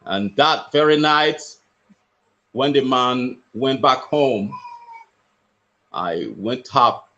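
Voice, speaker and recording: A man's voice: medium pitch, extremely slow, pauses often, bright, forceful tone, muffled recording. A man from West Africa, a motivational speaker, telling a personal story in an earnest way and repeating phrases for emphasis.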